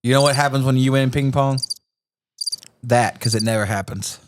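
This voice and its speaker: A man co-hosting a podcast in casual chat, loud and laughing often. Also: medium pitch, moderate pace, heavy background noise. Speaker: podcast co-host.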